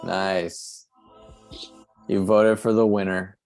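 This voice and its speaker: Male host, raspy-edged voice, playful interviewer on a video call with soft music under. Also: deep voice, level tone, slow. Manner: laughing, teasing questions. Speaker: host of online comedy show. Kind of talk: casual hosting banter.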